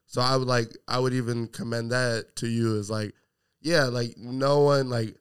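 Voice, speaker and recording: A man's voice: medium pitch, flat delivery, moderate pace, smooth. A man hosting a podcast, talking casually in rambling, filler-heavy sentences full of praise. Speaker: podcast host.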